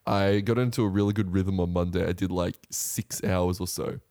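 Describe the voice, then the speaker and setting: A man's voice: low-pitched, fairly even intonation, normal speed, warm tone, no room sound, clean studio sound. A young man co-hosting a podcast, telling easygoing stories about his week. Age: young adult. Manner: laid-back, easygoing storytelling. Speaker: podcast co-host. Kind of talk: casual chat.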